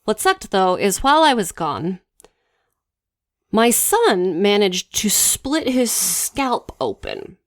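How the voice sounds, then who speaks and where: A woman's voice: mid-range voice, sing-song, takes it slowly, dry recording, clean studio sound. Chatty woman podcast co-host. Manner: chatty, laughs often. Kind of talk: casual chat.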